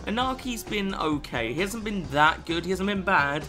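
A young man talks over his football game, muttering low one moment and shouting with outrage the next. His voice sits high and very bright, with a lively, jumpy pitch. Faint game music plays underneath. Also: moderate pace. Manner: swings from mutters to furious shouting, swears a lot. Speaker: gaming YouTuber. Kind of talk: live gameplay commentary.

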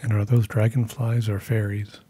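A man co-hosting a live painting stream, keeping up with the chat and asking the teacher relaxed questions. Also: lowish voice, normal speed, slightly rough, no echo. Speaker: co-host reading live chat. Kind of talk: casual chat.

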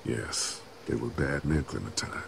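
A man's voice: measured pace, creaky, noisy background, exaggerated voice. An actor playing a weary grown man who protects a young girl, speaking grimly and steadily. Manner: low, grim, steady.

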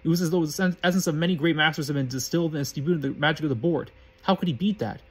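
A man reads fan fiction aloud as the narrator, in a plain, matter-of-fact storybook manner. His voice sits a bit high and sounds husky, and he moves along at a quick clip. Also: rough recording.

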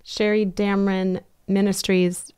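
A woman's voice: mid-range voice, flat delivery, unhurried, darkish tone, smooth, no room sound. A woman hosts a casual podcast interview. She talks in an effusive, affectionate way. The sound is dry and close. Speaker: podcast host.

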